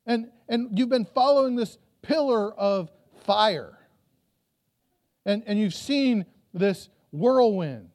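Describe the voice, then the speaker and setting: A man's voice: sits high, animated, takes it slowly, a little mellow. A pastor preaching a sermon to a church, telling the story and acting out voices from it, often repeating his words as he goes.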